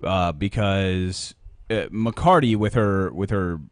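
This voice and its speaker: A man's voice: low-pitched, slow. A male radio co-host making wry asides and explaining research in casual chat on air. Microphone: studio microphone.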